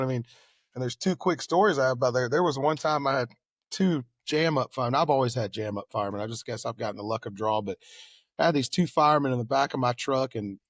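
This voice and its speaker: A Texan man in his late thirties tells stories in a relaxed, chatty way and acts out the voices of the people in them. His voice sits in a middle register, and the recording is close and dry. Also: no room sound. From Texas. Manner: animated, acts out quoted dialogue with rising pitch and volume. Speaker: fire lieutenant and guest. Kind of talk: casual storytelling.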